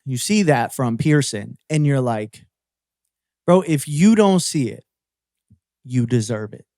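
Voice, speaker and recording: A man from Cleveland co-hosting a podcast, talking in a casual, animated and profane way. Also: mid-range voice, slow, no room sound, studio quality. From Cleveland, Ohio. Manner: animated, profane, mimics voices. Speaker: podcast co-host.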